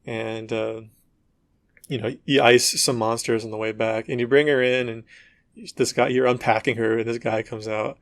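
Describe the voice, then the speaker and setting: Animated male podcaster, dry close sound. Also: medium pitch, moderate pace, no echo. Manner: animated storytelling, acts out dialogue in quotes. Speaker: podcast co-host. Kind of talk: casual chat.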